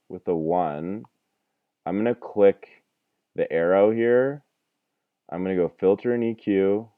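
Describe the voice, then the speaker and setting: Young male audio teacher, low voice, rambling self-deprecating chat, dry and thin phone-like recording. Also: dry recording. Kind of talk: casual screen-recorded tutorial.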